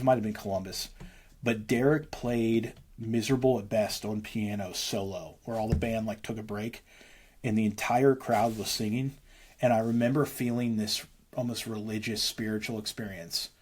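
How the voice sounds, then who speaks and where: A man talking casually as an interview guest, a worship leader, rambling fast and breaking into lines of hymns. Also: on the low side, fairly even intonation, darkish tone, breathy edge.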